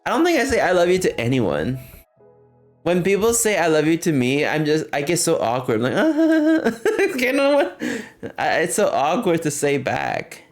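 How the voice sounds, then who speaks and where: A man's voice: on the high side, very animated, normal speed, faint music behind. A man livestreaming, chatting casually with his viewers and laughing often as he reacts to chat.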